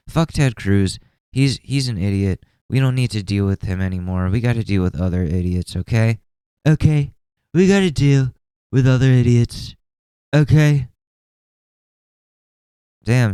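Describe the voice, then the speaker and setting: Guy hosting a podcast, low smooth voice, swears a lot, rambly and sarcastic. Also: mellow, no echo, studio quality. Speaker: podcast host. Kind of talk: casual commentary podcast.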